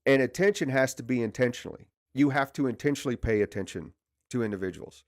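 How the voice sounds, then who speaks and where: A man's voice: mid-range voice, fast, no room sound. Man, leadership coach, livestream lesson, conversational, emphatic repeats, dry sound. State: stiff neck from poor sleep. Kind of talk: livestream training presentation.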